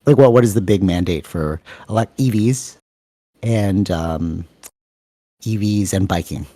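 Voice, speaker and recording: A man with a lowish voice talks in a quick, animated, rambling way as a podcast co-host. He is on a video call. The sound is dry and close. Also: dry recording. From Canada. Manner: fast-talking, rambling, animated. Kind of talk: casual chat.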